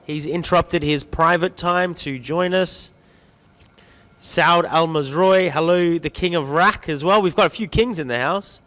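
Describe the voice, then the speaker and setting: Hosting a livestream, this man reads out viewer comments, greets people by name, and cracks light jokes in cheerful, chatty live-stream banter. His voice sits a little high and sounds a bit bright, and he takes his time in a big-room acoustic.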